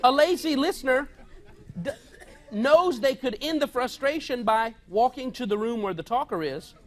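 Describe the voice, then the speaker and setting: A man's voice: very high voice, lively intonation, moderate pace, a bit bright, some chatter behind. A male pastor giving a conversational, humorous sermon, telling stories from home and often laughing as he talks. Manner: storytelling, mimics household conversations, often laughing.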